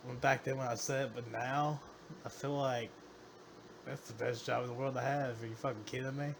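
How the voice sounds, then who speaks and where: A man's voice: mid-range voice, steady tone, moderate pace, vocal fry, background noise. A man hosting a livestream, rambling crudely and offhand while reacting to clips. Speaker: livestream host. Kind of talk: casual reaction stream chat.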